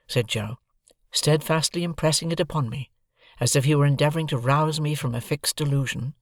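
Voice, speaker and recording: A man narrating a classic novel as an audiobook, reading in a measured, deliberate way. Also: medium pitch, no echo, clean studio sound. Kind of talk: scripted narration.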